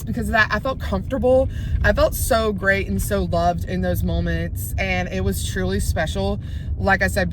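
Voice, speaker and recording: A woman's voice: fairly low pitch, background noise. A woman, talking casually and rambling to her viewers in a vlog, filmed on a phone from her car. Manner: chatty, rambling, easily sidetracked. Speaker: vlogger.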